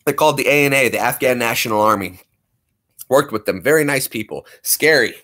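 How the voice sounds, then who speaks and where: A man's voice: mid-range voice, fairly quick, a bit bright. A young man, a streamer, chatting casually with viewers and thanking them effusively. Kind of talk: casual livestream chat.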